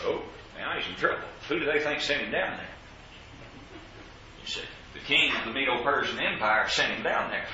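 A man leads a Bible class, reading scripture and quizzing his students in a bright, forceful voice. The recording is roomy and a little dull and lo-fi, as if taped in a church classroom. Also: mid-range voice, expressive, moderate pace, a little hiss or hum.

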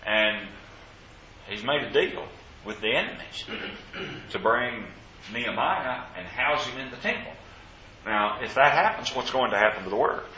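Bright-voiced man teaching a Bible class. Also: medium pitch, lively intonation, a little slow, long pauses. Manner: reads scripture aloud and quizzes the class. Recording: roomy, dull lo-fi class recording.

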